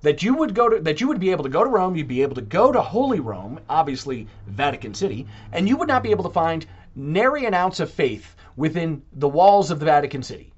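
A man talking in a casual podcast monologue, animated and putting on mock voices when he quotes others. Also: on the high side, fast talker, slightly rough, lo-fi sound. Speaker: Catholic podcaster.

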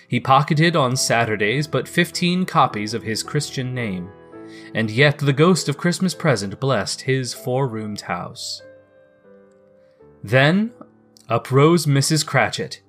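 A man reading a classic story aloud in a measured, expressive way. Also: medium pitch, soft background music. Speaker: narrator. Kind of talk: storybook narration.

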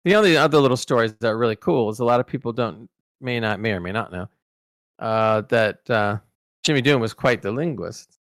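Male podcast co-host, mid pitch, rambling anecdotal storyteller, dry close mic. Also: brisk, dry recording. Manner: rambling storyteller, many restarts and fillers. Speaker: podcast co-host recalling celebrity interviews. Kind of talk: casual podcast chat.

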